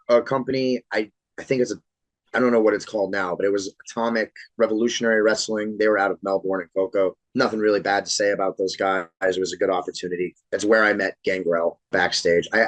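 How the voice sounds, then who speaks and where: A man in his thirties from Florida, a pro wrestler telling animated, swear-laced stories as a podcast guest. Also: lowish voice, no echo, rough recording. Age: 30s. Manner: animated storyteller, swears freely. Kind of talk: casual podcast interview storytelling.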